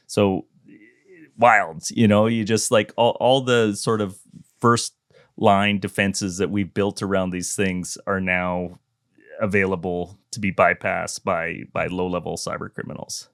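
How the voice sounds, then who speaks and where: A man's voice: on the low side, steady tone, measured pace, no echo, studio quality. A man co-hosting a cybersecurity podcast, laid-back and filler-heavy in chat, reading news summaries aloud. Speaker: podcast co-host. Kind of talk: casual conversation and reading news items.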